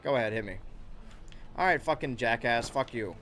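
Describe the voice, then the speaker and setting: A gaming channel host plays a video game and provides let's play commentary full of rambling, sarcastic jokes and asides. His medium-pitched voice is animated and a bit bright, at a moderate pace.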